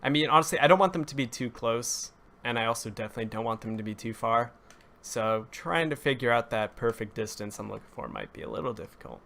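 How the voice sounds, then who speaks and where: A young man talks fast and animatedly in a medium-pitched, gravelly yet slightly bright voice, over faint background noise. During his building live stream he rambles casually, corrects himself, greets viewers and talks to chat, with his voice cracking here and there.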